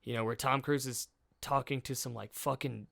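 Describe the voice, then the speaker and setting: A man's voice: medium pitch, fairly even intonation, normal speed, vocal fry, fairly bright tone. A man hosting a podcast in casual chat, rambling and joking, swearing and laughing often. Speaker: podcast host.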